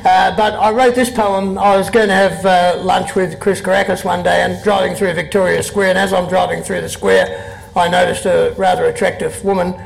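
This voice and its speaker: A man's voice: sits high, little pitch movement, normal speed, creaky, hardly any pauses, a little hiss or hum, low-quality recording. A man in his sixties with an Australian accent, a poet reading his poems and telling dry, wry stories on stage before an audience. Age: 60s. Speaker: poet and guest. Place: live event before an audience.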